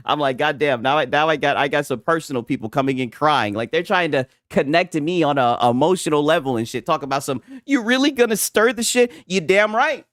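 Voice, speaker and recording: A man's voice: a little high, expressive, a little fast, fairly bright tone, no echo. Give me a male streamer who laughs constantly and teases his chat, voice bouncing all over, bone-dry. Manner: mocking, laughs often, profane. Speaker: gaming commentary streamer. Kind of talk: casual livestream commentary.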